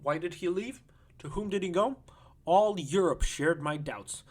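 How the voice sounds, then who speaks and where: A rambling, boisterous drunken woman spills out her messy tale, read by a man in an audiobook. The voice sits fairly high for a man and tumbles on without pause. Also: breathy edge. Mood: brash. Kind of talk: audiobook reading.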